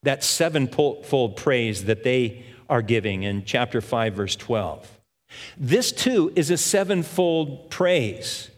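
Older male preacher, slow, in a reverberant hall. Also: medium pitch, expressive. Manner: unhurried Bible teaching, reading verses aloud. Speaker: pastor. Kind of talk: sermon.

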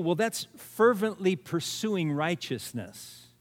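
A man's voice: fairly high pitch, sing-song, slow pace, few pauses, darkish tone, big-room sound. A man preaching a sermon as pastor, earnest, repeating key words for emphasis. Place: church sanctuary.

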